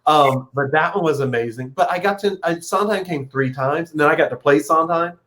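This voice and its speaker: A man chatting as a guest performer, telling an anecdote in a lively way and acting out the dialogue. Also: fairly high pitch, fairly quick. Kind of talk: casual chat.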